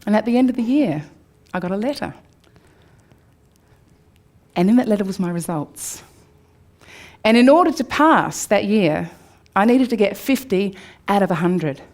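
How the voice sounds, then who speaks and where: An Australian woman in her forties speaks to a live audience, telling a personal story with candour. Her voice sits at a middling pitch. It rises brightly on the good moments and drops to a hush on the hard ones. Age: 40s. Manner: candid storytelling, swings from upbeat to hushed. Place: room before a live audience.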